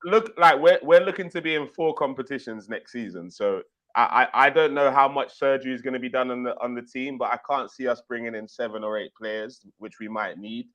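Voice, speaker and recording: A man's voice: mid-range voice, a little fast, a bit bright, dull audio. A man joining a casual football live stream as co-host, laid-back and slangy as he gives his opinions. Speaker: co-host guest.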